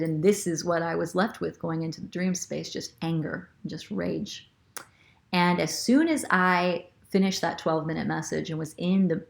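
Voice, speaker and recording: This woman, a spiritual guide, hosts a spiritual show, and her voice is low-pitched and creaky. She shares a personal story earnestly and reflectively, using fillers and often starting over.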